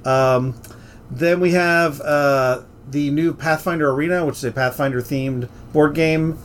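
A man with a somewhat high voice talks his way through a casual podcast, rambling and restarting his sentences. A faint hiss of noise sits under the recording. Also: steady tone, measured pace. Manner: chatty, rambling with fillers and restarts. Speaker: game store podcast host. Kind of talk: casual chat.

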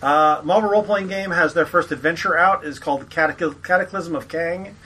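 A man hosting a podcast in casual chat, running through store news in a relaxed way. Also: fairly high pitch, a little fast. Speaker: podcast host.

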